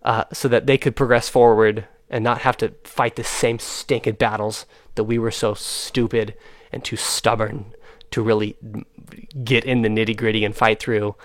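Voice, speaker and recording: Brief: young adult male host, earnest and frustrated, halting with fillers, dry close recording. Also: on the low side, flat delivery, no room sound. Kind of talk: casual chat.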